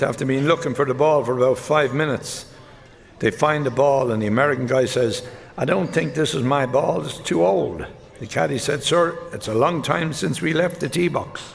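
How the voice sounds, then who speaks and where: A man with an Irish accent telling one-liner golf jokes on stage, deadpan, switching between characters. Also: a little high, vocal fry. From Ireland. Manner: deadpan joke delivery with quick character switches. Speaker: stand-up comedian. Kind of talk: live stand-up joke telling. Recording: live show in a reverberant hall with audience noise. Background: audience laughter.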